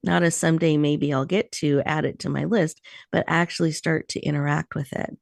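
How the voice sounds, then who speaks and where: A woman hosting a talk show who leads a slow, soothing guided meditation with encouraging words. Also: deep voice, fairly even intonation, gravelly, no room sound, clean studio sound.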